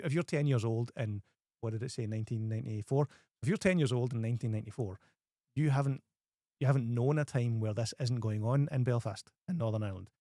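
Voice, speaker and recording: A man's voice: medium pitch, no echo, studio quality. Scottish man chatting about films. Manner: animated, often restarts phrases. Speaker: host. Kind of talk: casual film review chat.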